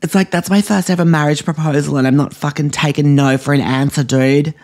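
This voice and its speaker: A man's voice: on the high side, fairly even intonation, a little fast, darkish tone, natural voice. A man voicing a vain, dramatic, self-obsessed young woman, rambling through a story packed with "like" and "um". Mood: indignant. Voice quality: filler-heavy, constant "like" and "um". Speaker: comedy podcast character. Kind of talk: scripted comic monologue.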